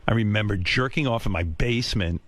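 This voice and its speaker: A man's voice: on the low side, fairly quick. A man hosting a radio show, telling a long story in a casual, profane, self-mocking way into a studio microphone. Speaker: radio host.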